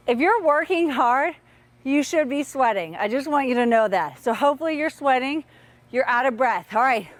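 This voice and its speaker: Energetic woman coach, high voice, counts drills aloud for kids, a bit winded. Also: no echo. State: out of breath. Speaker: tennis coach. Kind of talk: live online kids' workout lesson.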